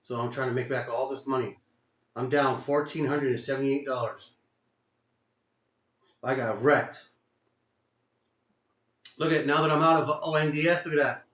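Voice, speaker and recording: A man's voice: mid-range voice, steady tone, normal speed, long pauses, fairly bright tone. A man giving live commentary on his own day trades, muttering, cursing and repeating himself in frustration. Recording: roomy echo.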